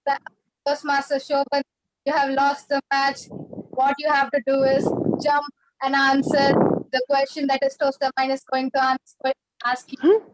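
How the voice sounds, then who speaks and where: A woman's voice: sits high, monotone, moderate pace, no room sound, poor audio. A woman on a video call, giving instructions in a firm, instructive way. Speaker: meeting participant giving forfeits. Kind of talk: casual chat.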